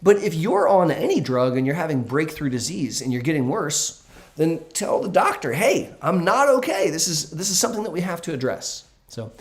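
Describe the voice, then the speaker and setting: A man speaking as a doctor during a relaxed livestream Q&A. He answers viewers in an earnest, emphatic way, leaning hard on the points that matter. His talk is loose and unscripted, full of ums and small restarts. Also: mid-range voice. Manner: earnest and emphatic, with frequent fillers. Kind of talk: casual livestream Q&A.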